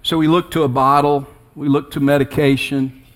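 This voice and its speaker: A man in his sixties, a pastor giving an earnest, personal sermon that rises in pitch and emphasis when he quotes scripture. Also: level tone, normal speed. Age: 60s.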